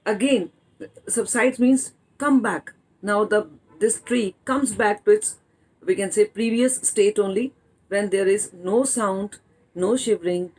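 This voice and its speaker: A woman teacher with an Indian English accent, explaining a poem to students slowly and often adding "okay". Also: mid-range voice, darkish tone, husky, rough recording.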